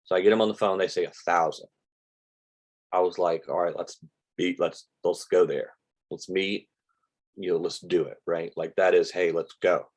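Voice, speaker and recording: An older American man teaching real estate investing in a casual live stream, telling stories and quoting conversations with sellers. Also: low voice. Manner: chatty storyteller, quoting conversations, says "like" a lot.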